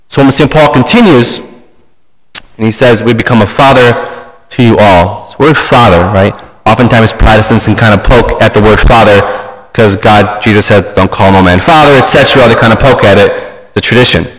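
A young priest giving a conversational, joking sermon, full of quick asides and tag questions. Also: male voice, medium pitch, a bit bright. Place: large church. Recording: echoey church with long reverb.

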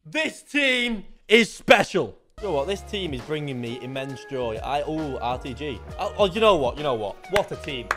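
A young man with a high, lively voice calls his own football video game match. He mutters quietly between plays and then erupts into excited shouts, with faint game music behind him. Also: moderate pace, few pauses. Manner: excitable, swings from low muttering to shouted outbursts. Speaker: gaming YouTuber. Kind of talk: live gameplay commentary.

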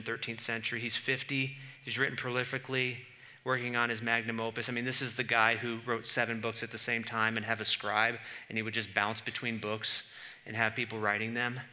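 A male pastor preaching a conversational sermon in church, moving from casual asides to loud, exasperated comic readings. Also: medium pitch, little pitch movement, brisk.

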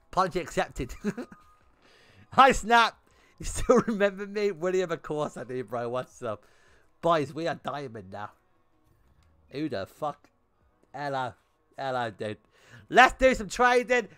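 A man's voice: on the high side, fairly bright tone, clear, resonant tone, dry recording. A young man streaming a game, chatting bluntly with his viewers and swearing often. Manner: blunt and swearing, talking to chat in bursts. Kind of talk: casual livestream chat while gaming.

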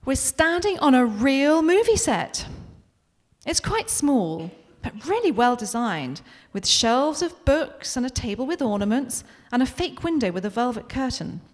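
A woman's voice: high voice, very animated, a little slow. A British woman author in her forties, chatting in a self-deprecating way at a book event and reading from her novel.

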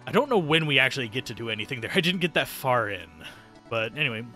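Playful man with bright lively voice. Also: medium pitch, fast talker, soft background music. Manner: playful, reads dialogue aloud and jokes. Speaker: streamer. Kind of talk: game playthrough commentary.

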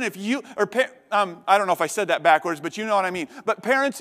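A young male pastor delivering a sermon with a high, lifted voice that carries, repeating words as his passion builds. The sound rings with a long reverb, as if heard through a large church hall. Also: fairly bright tone.

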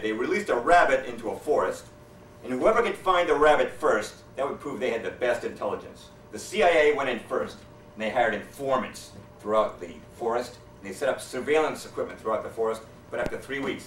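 A man's voice: mid-range voice, a little hiss or hum. A man tells political jokes at an event in a folksy way, chuckling at his own punchlines. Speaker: speaker at a political society event. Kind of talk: stand-up joke telling. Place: event hall, indoors. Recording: roomy hall, mic at a distance.

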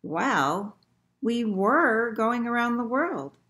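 A woman's voice: a little high, animated, slow pace, a bit bright, pitched above the performer's own voice. A woman reading a picture book aloud, voicing a plucky young boy who speaks eagerly.

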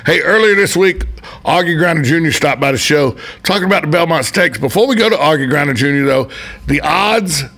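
Gravelly, husky sports radio host. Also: male voice, fairly high pitch, lively intonation, brisk, bright, forceful tone. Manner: chatty, joking, rambling asides. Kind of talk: casual sports radio chat. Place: radio studio.

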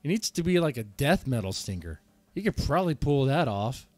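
A man's voice: medium pitch, sing-song, brisk, darkish tone, no room sound, faint music behind. A man streaming and reacting to a video clip, commenting in a laid-back, sarcastic way.

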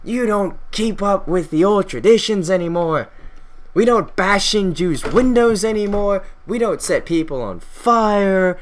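A man's voice: a little high, expressive, moderate pace, fairly bright tone. A man voicing a bitter old-school male hardliner, raised and scornful as he declaims.

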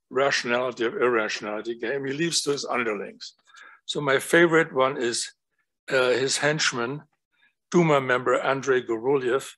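Husky-voiced man lecturing with animated asides. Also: mid-range voice, rough recording. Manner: animated storytelling with rhetorical questions. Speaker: guest lecturer. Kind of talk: academic talk.

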